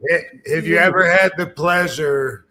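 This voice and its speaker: A man's voice: fairly high pitch, a little slow, pushed and bright, a little hiss or hum. A man hosting a podcast in a laid-back, jokey way, asking his guest questions. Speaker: podcast host. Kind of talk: casual chat.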